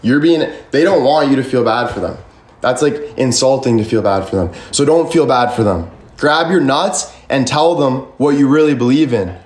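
A man's voice: medium pitch, normal speed, a little mellow, a little hiss or hum. Rambling young man on a livestream, echoey room. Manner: rambling, swears a lot, constant "like" fillers. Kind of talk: casual livestream chat answering comments. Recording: echoey room with faint ambience.

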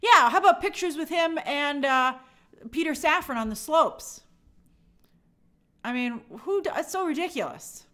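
A woman hosts a casual movie news live stream with a high voice. She talks in an animated, sarcastic way, and her pitch swings widely as she acts out other people's reactions and reads viewer comments. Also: measured pace, pauses often.

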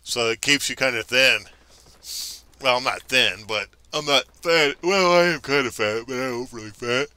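A man hosting a casual gaming stream, joking crudely and bursting into excited shouts. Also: medium pitch, moderate pace, clear, resonant tone. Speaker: streamer and host.

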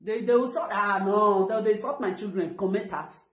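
A woman's voice: medium pitch, fairly quick, reverberant. A middle-aged woman with a Nigerian Pidgin English accent, ranting animatedly on a live video and retelling what others said. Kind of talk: casual live-stream talk.

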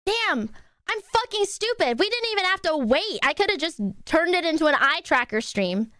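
A woman streamer talks to her chat from a desk at home, her voice high and swinging widely in pitch. She swears freely and sounds exasperated. The mic is close and dry, with no room sound. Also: very animated, normal speed, fairly bright tone, no room sound. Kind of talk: live stream reaction chat.

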